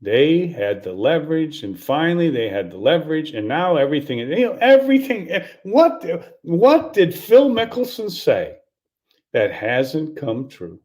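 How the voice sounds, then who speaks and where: A man's voice: on the high side, very animated, a little slow, darkish tone. An older man, a golf coach, ranting in incredulous exasperation, restarting and repeating himself with sarcastic laughs. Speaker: golf coach giving commentary. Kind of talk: animated opinion rant.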